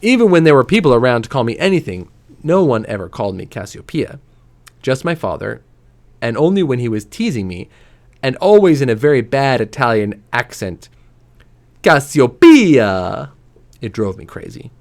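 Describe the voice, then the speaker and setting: Male reader, mid pitch, very animated delivery, livens up the quotes and sinks to a hush on quiet lines. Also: brisk. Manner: expressive, lively voices for quoted lines; drops to a soft, low voice on quiet lines. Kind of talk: reading a novel aloud.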